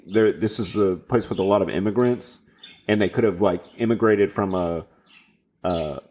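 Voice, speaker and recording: A man's voice: sits low, moderate pace, a little mellow. A man from Houston co-hosting a podcast, chatting casually and rambling about a film with fillers and restarts. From Houston, Texas. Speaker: podcast co-host. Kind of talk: casual chat.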